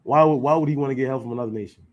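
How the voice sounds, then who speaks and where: A man's voice: medium pitch, rapid-fire, lo-fi sound. A man teaching an informal scripture class, emphatic and slangy, firing rhetorical questions and checking in with his listeners. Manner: emphatic, rhetorical questions, slangy, keeps asking "you know what I'm saying".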